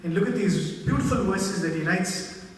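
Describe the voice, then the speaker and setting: A man giving a devotional talk, telling stories in an animated, reverent way, recorded in a large hall from far off. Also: high-pitched, normal speed, slight background noise. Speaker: spiritual speaker. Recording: echoey hall heard from far off.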